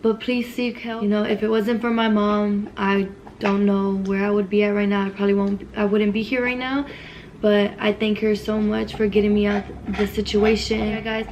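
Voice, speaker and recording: A young woman vlogging casually, telling a personal story in a hesitant way with many fillers, growing quieter as she goes. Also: medium pitch, noisy background.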